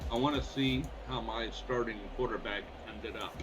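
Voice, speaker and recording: A man's voice: medium pitch, fairly even intonation, normal speed, low-quality recording. A man casually commenting on his own gameplay, folksy and muttering stats aloud. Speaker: gaming video host. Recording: voice over loud game music.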